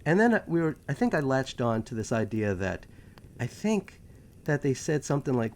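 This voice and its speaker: A man from New York with a New York accent, hosting a talk show in a casual, animated monologue full of sarcastic asides. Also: mid-range voice, moderate pace. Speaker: podcast host.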